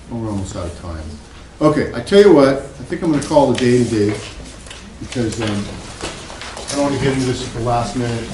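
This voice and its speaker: A man's voice: mid-range voice, a little mellow, slight background noise, low-quality recording. A man giving a classroom lecture as a psychology professor, loose and conversational, with many fillers and asides.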